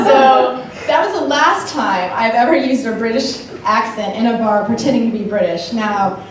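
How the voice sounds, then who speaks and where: A young woman doing a stand-up routine on a comedy club stage, telling a story in a lively way, recorded in an echoey room with a distant mic. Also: a little high, normal speed, a little hiss or hum. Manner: lively, storytelling, laughing between lines.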